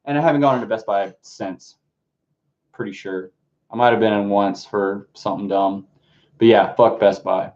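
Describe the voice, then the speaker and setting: A man's voice: on the low side, steady tone, moderate pace, a little mellow. A man chatting casually on a live stream as he unboxes his music books, rambling and swearing freely as he answers the chat. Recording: dull lo-fi stream audio.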